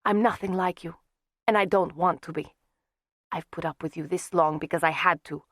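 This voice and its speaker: A woman voicing a cold, furious young vampire man who shouts at his friends. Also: lowish voice, moderate pace, dry recording, studio quality, close to an everyday voice. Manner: shouting, terse, contemptuous.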